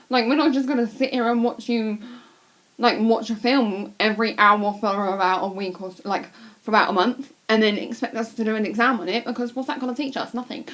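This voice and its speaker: A young woman chatting casually to camera, swearing freely and gushing like an excited fan. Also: fairly high pitch, fairly quick. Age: young adult. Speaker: vlogger.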